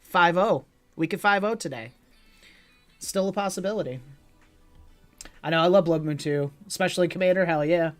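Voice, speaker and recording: A man's voice: high voice, normal speed, pauses often, faint music behind. A man casually commenting on his own online card game as a streamer, joking with chat and swearing freely.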